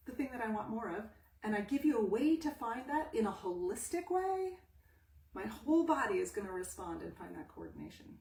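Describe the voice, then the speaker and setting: A woman's voice: fairly high pitch, animated, normal speed. A woman voice teacher giving a live-streamed talk at home, animatedly asking and answering her own questions. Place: home room with a pet cat. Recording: echoey room, distant mic.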